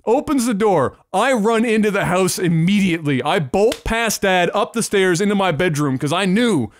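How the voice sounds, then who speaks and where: A man co-hosting a podcast, telling a story in a casual, animated and profane way. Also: sits high, normal speed, slight background noise. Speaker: podcast co-host.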